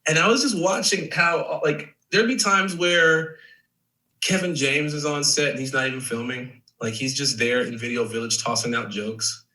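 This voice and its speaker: A man in his thirties from Chicago, an actor telling stories as a guest in a casual interview, animated and full of "like" and "man". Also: fairly high pitch, normal speed, far from the mic, poor audio. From Chicago, USA. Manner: animated storyteller, many fillers like "like" and "man".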